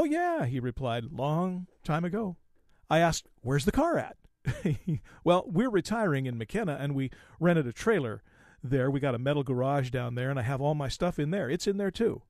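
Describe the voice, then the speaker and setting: A man hosting an automotive podcast, telling a story in a folksy, animated way and acting out the quoted lines. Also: fairly high pitch, normal speed, dry recording, studio quality. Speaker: podcast host.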